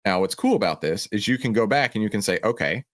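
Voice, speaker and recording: Animated man with a low voice. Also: fast. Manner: passionate, animated, mimics a panicking trader. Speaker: host answering viewer questions. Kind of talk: livestream Q&A on stock trading.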